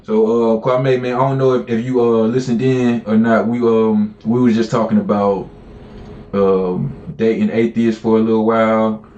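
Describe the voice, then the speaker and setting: Low-voiced relaxed podcast host in a roomy room. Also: male voice, moderate pace, muffled recording, a little hiss or hum. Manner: relaxed, rambling, with fillers and mock prayer. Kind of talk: casual call-in podcast chat.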